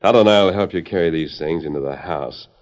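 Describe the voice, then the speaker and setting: An actor playing a calm male frontier hero in a 1940s radio drama, measured and reassuring. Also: rumbling low. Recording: dull old radio recording.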